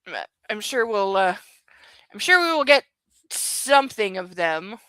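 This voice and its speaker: A woman talks through a book in a loose, rambling way, peppered with ums and likes. Her voice is bright and a little sharp. The sound is close and dry, with no room around it. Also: medium pitch, sing-song, a little slow, smooth, no echo, low-quality recording. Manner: chatty, full of ums and likes. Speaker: book club host. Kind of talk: casual book discussion.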